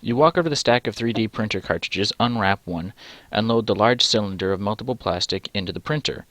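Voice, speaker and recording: A man's voice: fairly low pitch, a little fast, a bit bright, dry recording. A man reading a text adventure game aloud and adding dry, sarcastic asides. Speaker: let's play gamer.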